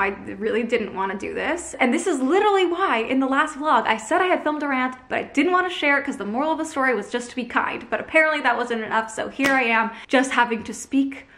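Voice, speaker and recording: A woman's voice: high voice, a bit bright. Upset Canadian woman vlogger ranting. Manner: upset, apologetic, exasperated, frequent fillers. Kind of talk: emotional direct-to-camera rant.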